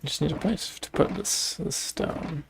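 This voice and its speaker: A man's voice: a little high, measured pace, gravelly, background noise. A man with a Canadian accent, chatting and telling jokey stories while livestreaming a game. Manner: joking, rambling storyteller. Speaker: livestreaming gamer. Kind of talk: casual gameplay commentary.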